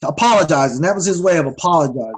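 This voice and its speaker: A man in his forties from North Carolina speaks with a fairly high-pitched voice. He tells his story in relaxed, casual chat as an interview guest, stammering and doubling back on words as he gets going. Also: racing, breathy edge, low-quality recording. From North Carolina, USA. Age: 40s. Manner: stammering, repeats words when excited. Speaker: guest, professional wrestler.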